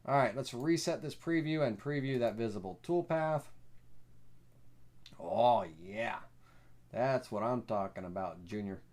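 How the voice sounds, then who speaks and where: A man with a Southern US accent hosting a live software tutorial, rambling and folksy with lots of fillers. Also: medium pitch, animated, moderate pace, hardly any pauses. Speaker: host.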